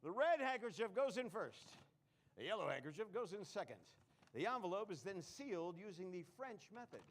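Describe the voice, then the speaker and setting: A man's voice: high voice, very animated, a little fast. A man performing a comedy magic act on a live stage, full of puns and self-mocking jokes. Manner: punning, self-mocking, jokey.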